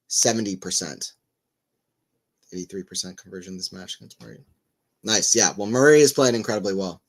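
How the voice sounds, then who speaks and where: Chatty man calling tennis live. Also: fairly low pitch. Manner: chatty, rambling asides between excited point calls. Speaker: livestream tennis commentator. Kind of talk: casual live play-by-play commentary.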